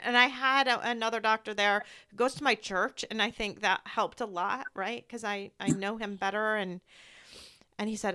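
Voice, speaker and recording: Woman, medium pitch, smooth tone; candid grief podcast host, storyteller. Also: steady tone, moderate pace, bright, forceful tone. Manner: heartfelt, storytelling, acts out quoted voices. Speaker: medical provider. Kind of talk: candid conversation about grief.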